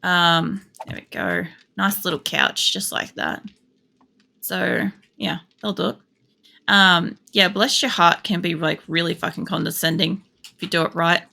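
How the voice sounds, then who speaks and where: An Australian woman talks as she plays a game at home, rambling and casual and swearing freely. Her voice sits low and gravelly, yet has a bright edge. She has a faint hiss behind her. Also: expressive, unhurried. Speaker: game streamer. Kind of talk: casual chat while playing. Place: home computer setup.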